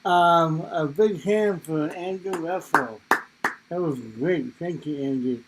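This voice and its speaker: A slightly high male voice on a video call, speaking very slowly. He hosts the show in a halting way, with many ums between his phrases. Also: heavy background noise. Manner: slow, hesitant, with many ums. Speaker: show host. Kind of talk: live show hosting over video call.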